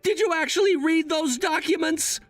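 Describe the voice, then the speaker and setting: A man's voice: extremely high pitch, normal speed, no echo, faint music behind. A man voicing a cold, unbending young adult son in a scripted drama, firm and lecturing.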